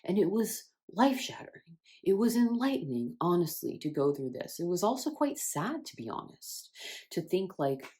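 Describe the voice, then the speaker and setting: A woman speaking as a spiritual wellness creator in a reflective self-help monologue, earnest and expressive, with sudden rises in emphasis. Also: fairly low pitch, moderate pace.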